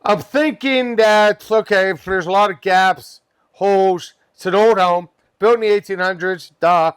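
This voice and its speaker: A man's voice: high-pitched, measured pace, clear, resonant tone, no room sound. A pest control worker, a man, telling a wild work story on a comedy podcast, swearing freely and laughing as he goes. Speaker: podcast guest. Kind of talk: animated storytelling.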